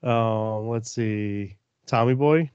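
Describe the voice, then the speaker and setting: A man's voice: fairly low pitch, takes it slowly, a little mellow, smooth, dry recording. A man co-hosting a casual podcast chat, joking and playfully argumentative. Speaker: podcast co-host. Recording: dull dry sound.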